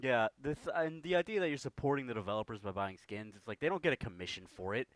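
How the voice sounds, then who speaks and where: A man's voice: mid-range voice, expressive, fast talker, dry recording. A man co-hosting a podcast, agreeing casually with his co-host. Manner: agreeable, laughs along.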